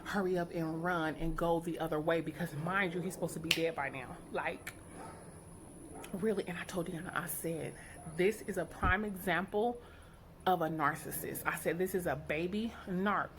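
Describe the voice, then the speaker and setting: A middle-aged woman, a mother, telling a story to her viewers in a casual, outspoken and animated way, acting out what each person said. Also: lowish voice, moderate pace, background noise. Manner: animated, outspoken, quotes people in character. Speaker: vlogger, mother.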